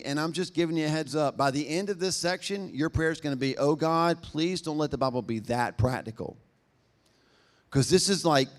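A man preaching a sermon, talking fast and conversationally with a self-deprecating humor. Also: a little high, a bit bright. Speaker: pastor.

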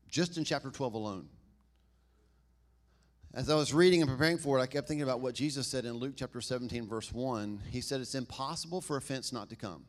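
A man with a Southern accent, a pastor giving a casual, humorous sermon that swings between loud emphasis and quiet asides. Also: mid-range voice. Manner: conversational and humorous, laughs and asks "right?".

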